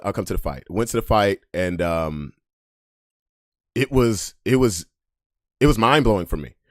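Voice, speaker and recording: A man, the host of a podcast, telling a story with great energy, acting out voices and swinging from hushed asides to yelling. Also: on the low side, no room sound, studio quality.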